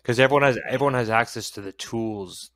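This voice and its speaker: A man's voice: mid-range voice, quick pace, a bit bright. A man co-hosting a casual chat podcast, rambling and sometimes losing his train of thought. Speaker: podcast co-host.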